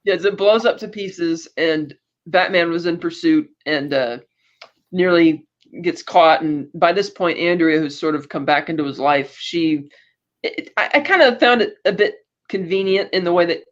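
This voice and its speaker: A man's voice: fairly high pitch, normal speed, a bit bright, lo-fi sound. A man hosting a podcast, recapping a film in casual, rambling chat full of fillers, often putting on voices for the characters. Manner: rambling, many fillers and restarts; acts out character quotes. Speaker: podcast host.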